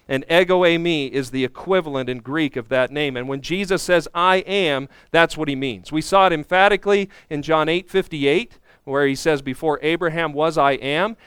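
A man's voice: fairly high pitch, fairly bright tone, clean tone, no room sound, clean studio sound. A man preaching an expository sermon as pastor, earnestly teaching and acting out the speakers in the passage.

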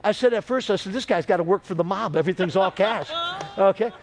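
A man with a notably high voice preaches a sermon as pastor, weaving long anecdotes together. He keeps turning to the congregation with calls for an amen, and his delivery is loose and conversational. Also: quick pace, noisy background. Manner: storytelling preacher with call-and-response.

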